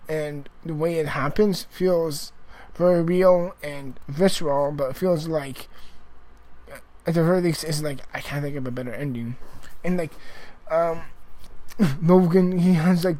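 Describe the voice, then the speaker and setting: A man talks through a movie review in a loose, rambling way. His voice sits a little high for a man. He stops and restarts often and swears for emphasis. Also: fairly even intonation, moderate pace, darkish tone, low-quality recording. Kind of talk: casual spoken movie review.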